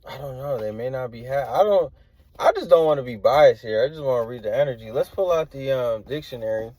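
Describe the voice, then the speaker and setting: A man's voice: medium pitch, lively intonation, a little fast, darkish tone. A man giving a casual tarot reading, rambling and hedging with slangy filler talk. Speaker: tarot reader.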